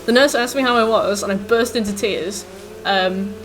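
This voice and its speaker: A woman's voice: medium pitch, normal speed. A woman in her twenties, a streamer chatting casually with viewers while gaming, rambling with lots of fillers.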